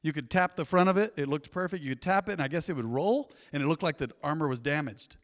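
A man, a pastor preaching a sermon in a folksy storytelling way, jumping from soft asides to loud bursts. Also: on the high side, fast talker. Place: church sanctuary. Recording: long hall reverb.

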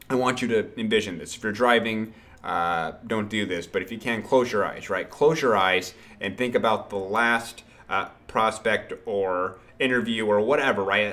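A man hosting a solo sales podcast, talking in an energetic, punchy way, repeating phrases and swearing casually. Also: on the low side.

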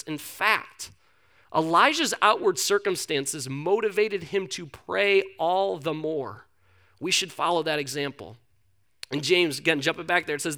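A man's voice: a little high, unhurried, bright, forceful tone. A man preaching a sermon in a conversational, storytelling way. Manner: conversational storytelling, acts out characters.

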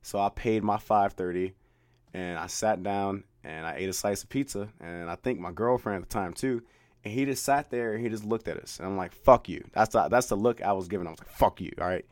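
A man's voice: fairly low pitch, brisk, a little mellow, dry recording. A man in his twenties hosting his own podcast, telling a rambling, profane story and laughing at himself. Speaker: podcast host. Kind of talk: casual solo podcast storytelling.

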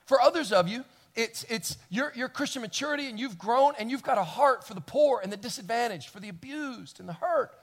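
A high-pitched man delivering a lively church sermon. He restarts and repeats words as he builds, dropping to a hush and then rising to a loud preach. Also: brisk, hardly any pauses. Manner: animated, stammering restarts, swinging from quiet to loud. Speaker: pastor.

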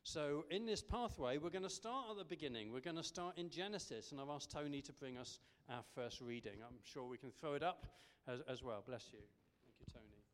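A man's voice: a little high, fairly quick, few pauses. A man preaching a sermon in a conversational way, with frequent ums and restarts. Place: church service. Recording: echoey church hall.

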